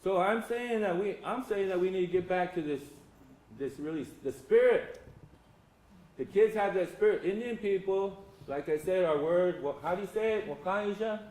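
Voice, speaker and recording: An older man with a high-pitched, slightly mellow voice entertains a symposium crowd with folksy, humorous stories, talking to them directly. The recording carries the roomy sound and faint ambience of a lecture hall.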